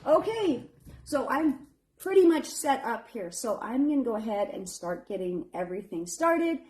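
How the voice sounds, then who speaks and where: A woman in her thirties, a home baker, hosts a live fundraiser bake stream, chatty and encouraging, calling viewers honey and admitting she's nervous, in casual live-stream chat. Her expressive voice is a little high with a darkish tone at normal speed, over slight background noise.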